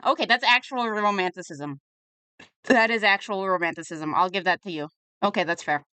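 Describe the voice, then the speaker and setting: A woman's voice: mid-range voice, sing-song, normal speed, pauses often, sharp tone, dry recording. A young woman reviewing a webcomic in casual, sarcastic commentary, a little tipsy from drinking. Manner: chatty and sarcastic, riffing on the comic.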